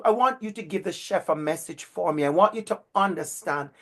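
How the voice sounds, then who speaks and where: A man giving a lively storytelling talk to future educators. He repeats his phrases and speaks to listeners by name. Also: high-pitched, brisk, hardly any pauses. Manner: animated, repetitive, speaks directly to listeners by name.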